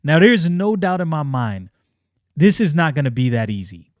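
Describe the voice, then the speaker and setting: A man hosting a casual comic book review, excitable and slangy, often restarting his sentences. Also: on the high side, moderate pace, no echo, clean studio sound.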